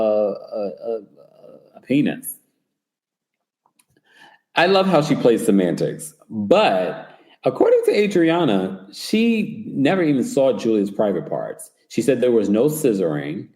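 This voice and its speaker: A man's voice: on the low side, darkish tone, echoey room. A man hosting a livestream recap show, reading viewer comments in a chatty, gossipy way while tired and yawning late at night. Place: away from home while traveling.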